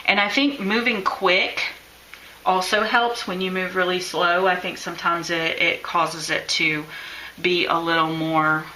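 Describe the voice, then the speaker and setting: A bright-voiced woman teaches a live craft lesson, talking casually and encouragingly as she demonstrates. The room is echoey, with faint ambience behind her. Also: fairly low pitch, fairly even intonation, a little slow, slight background noise. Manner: chatty, encouraging, thinks aloud while drawing.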